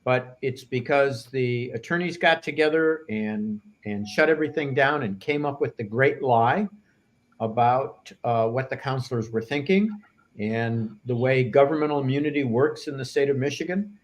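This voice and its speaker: A man's voice: medium pitch, moderate pace. A man on a panel discussion, talking bluntly and indignantly about officials he feels escaped accountability. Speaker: attorney and panelist.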